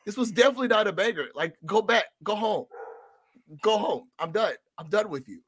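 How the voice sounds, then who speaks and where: A man's voice: high voice, expressive, brisk, a bit bright, slight background noise. A man co-hosting a casual film review podcast, ranting in a profane, exasperated way. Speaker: podcast co-host.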